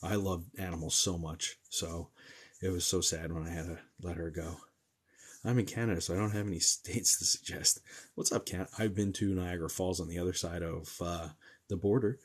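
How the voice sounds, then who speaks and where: Husky low-voiced guy chatting on a livestream. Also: fairly even intonation, normal speed. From New Jersey. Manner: chatty, joking, reacts to comments aloud. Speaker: medium doing a livestream Q&A. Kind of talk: casual livestream chat reading comments.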